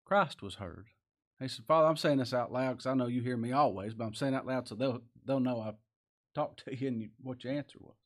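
A man's voice: medium pitch, fairly quick. A man preaching a sermon, reading scripture aloud and swinging into rising, emphatic lines. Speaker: pastor.

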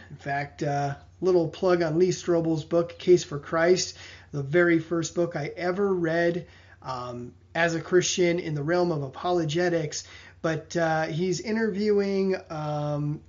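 A man's voice: a little high, unhurried, darkish tone. A man hosting a casual conversation, asking thoughtful, somewhat hesitant questions. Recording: dull lo-fi audio.

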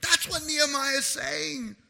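A pastor delivering an impassioned sermon in a strikingly high voice. He swings from forceful, near-shouted appeals to his congregation to hushed, earnest asides. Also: fairly even intonation, unhurried, vocal fry. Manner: impassioned preaching, rising to shouts then dropping low.

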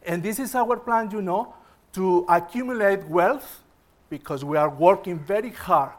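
A male preacher with a high voice delivers a sermon in halting phrases. He often restarts and repeats words as he builds his point. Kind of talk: sermon with an illustrative story.

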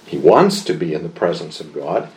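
A man teaching a Bible lesson in a measured, deliberate way, pausing often with small fillers and leaning into the verses he quotes. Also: deep voice, big pitch swings, darkish tone. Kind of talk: slow expository Bible lesson.

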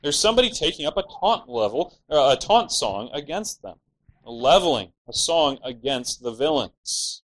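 A man's voice: mid-range voice, sing-song, moderate pace, poor audio. Man preaching an expository sermon. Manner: earnest expository preaching, rising to mock the villains' laments.

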